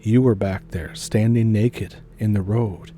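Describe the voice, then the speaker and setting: A man's voice: on the low side, fairly even intonation, a little slow, dark tone, slight background noise, lightly acted. A man voicing a frightened, tearful young woman who repeats herself in panic.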